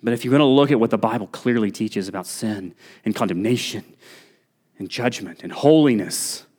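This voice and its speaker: A man's voice: lowish voice, normal speed, darkish tone. A man preaching a sermon as pastor in a church, earnest and pressing, lifting his voice on key points. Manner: earnest preaching, rising emphasis on key points, occasional restarts. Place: church sanctuary.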